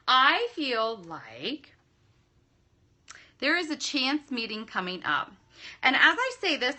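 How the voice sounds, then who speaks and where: A woman giving psychic readings to viewers on a live stream, effusive and quick to laugh, calling people darling and love. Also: high-pitched, wildly swooping pitch, pushed and bright. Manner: laughs often between readings. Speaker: psychic medium.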